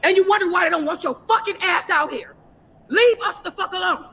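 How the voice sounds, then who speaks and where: A woman on a phone livestream from inside a fast-food restaurant, cursing and confronting someone in an angry rant. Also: very high-pitched. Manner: profane, confrontational, repetitive shouting. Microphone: phone held for a livestream.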